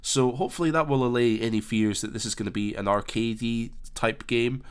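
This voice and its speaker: A man's voice: medium pitch, fairly even intonation, fairly quick, clean tone. A man giving casual commentary on a game announcement, hesitant with many fillers and restarts. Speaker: flight sim commentator.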